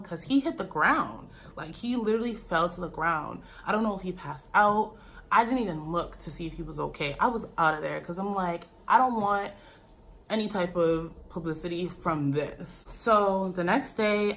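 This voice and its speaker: Animated woman telling a storytime vlog. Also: mid-range voice, gravelly. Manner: animated storytelling, addressing viewers as "you guys". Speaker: YouTuber.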